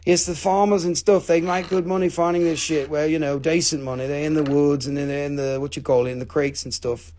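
A man's voice: on the high side, steady tone, a little fast, hardly any pauses, a little mellow. A man hosting a live mineral sale, joking and rambling in casual chat with salty language. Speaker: host selling minerals on a live stream.

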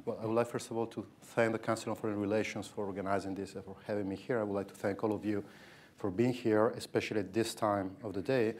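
A man's voice: fairly low pitch, fairly even intonation, darkish tone. Italian man speaking on a policy panel. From Italy. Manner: measured, thoughtful, with frequent fillers. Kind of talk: panel discussion.

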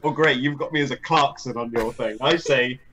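A man's voice: mid-range voice, brisk, fairly bright tone. A young man in a casual gaming chat, teasing his friends and cracking crude jokes.

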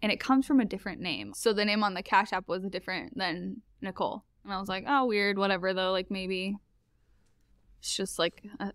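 A woman recounting a story as a podcast guest, chatty and animated, laughing often. Her mid-pitched voice has a strong vocal fry. She sounds close and dry, with no room around her. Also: brisk, no echo. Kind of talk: casual storytelling.

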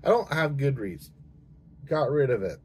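A man's voice: mid-range voice, sing-song, normal speed, a little hiss or hum. A man hosting a book channel, talking casually to camera in a rambling, hesitant way with many fillers and restarts, and he has the hiccups.

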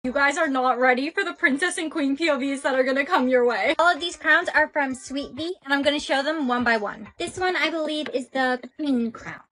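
A woman's voice: high-pitched, a little fast, few pauses, pushed and bright. Chatty young woman gushing over a haul. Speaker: content creator. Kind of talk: casual product showcase.

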